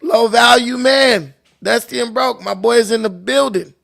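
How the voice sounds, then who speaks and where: A man's voice: very high-pitched, moderate pace, gravelly, a bit bright. A man from Long Beach, telling profane, laughing stories as a livestream host. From Long Beach, California. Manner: loose, profane, laughing storyteller. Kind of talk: casual storytelling.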